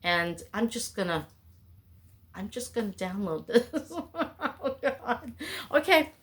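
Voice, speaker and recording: A woman's voice: mid-range voice, expressive, slow, fairly bright tone. Rambling, chatty middle-aged woman vlogger. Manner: rambling, chatty, frequent self-interruptions. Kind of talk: casual talking-head chat.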